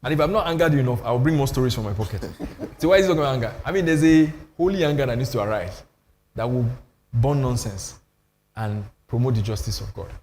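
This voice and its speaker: A man's voice: mid-range voice, quick pace, a little mellow, a little hiss or hum. Older man, Nigerian accent, emphatic storyteller, long hall echo, faint ambience. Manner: storytelling, emphatic, self-deprecating. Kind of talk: animated panel talk on church.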